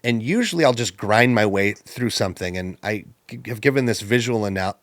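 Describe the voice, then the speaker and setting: A man telling a personal story on a podcast, animated and acting out the people he quotes. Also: fairly low pitch, a little fast, no echo, clean studio sound.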